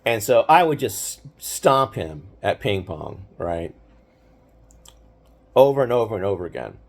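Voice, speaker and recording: A man's voice: on the low side, big pitch swings, a little slow, vocal fry. An older man telling personal stories in a casual, rambling way, full of fillers and restarts. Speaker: host. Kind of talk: casual storytelling.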